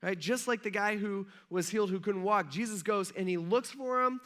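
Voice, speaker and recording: A man's voice: high-pitched, moderate pace, a bit bright. A male pastor preaching a casual, conversational sermon, retelling a scripture story in everyday talk. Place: church.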